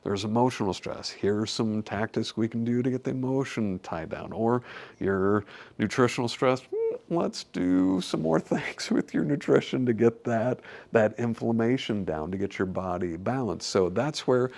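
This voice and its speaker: A middle-aged man gives a chatty health talk as a chiropractor. His voice sits low with a gravelly edge. He gets animated, acting out little quotes and laughing as he goes. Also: moderate pace.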